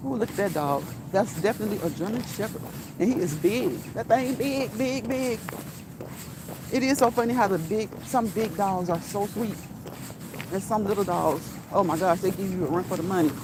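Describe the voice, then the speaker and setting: A woman's voice: medium pitch, moderate pace, background noise. Chatty woman vlogging on a walk. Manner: chatty, laughs often, repeats phrases for emphasis. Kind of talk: casual walk-and-talk vlog. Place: outdoors on a walk.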